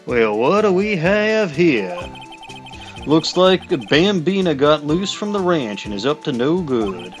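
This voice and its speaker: A man's voice: on the high side, sing-song, soft background music. A man voicing a swaggering cowboy detective in a shaky attempted Southern accent, reading game dialogue aloud. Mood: drawling swagger. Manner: slow drawl, bragging frontier talk.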